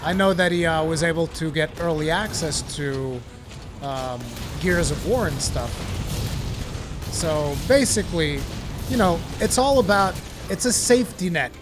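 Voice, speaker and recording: A man's voice: fairly high pitch, measured pace, over music. A man streaming a game, chatting casually and rambling with plenty of swearing. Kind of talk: casual live-stream chat.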